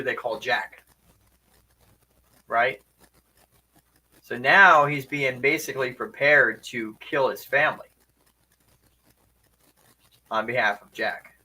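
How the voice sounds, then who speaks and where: A man's voice: medium pitch, sharp tone, rough recording. A man commenting casually on a video, asking rhetorical questions. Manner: conversational, asks rhetorical questions.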